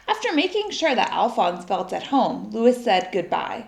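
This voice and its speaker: A woman reading a children's story aloud in an expressive, lively way. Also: mid-range voice, normal speed, creaky. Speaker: storybook reader. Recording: echoey room.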